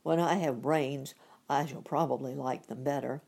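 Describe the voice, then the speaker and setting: A woman's voice: very deep voice, fairly even intonation, normal speed, gravelly, slightly rough, exaggerated voice. A woman doing a humble straw scarecrow. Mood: grateful. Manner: grateful and gentle. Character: cheerful humble male scarecrow.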